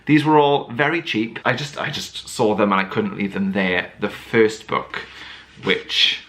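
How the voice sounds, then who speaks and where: A man's voice: lowish voice, expressive, measured pace, a bit bright. A man chatting to camera as a book vlogger, rambling with lots of fillers and restarts. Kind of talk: casual chat to camera.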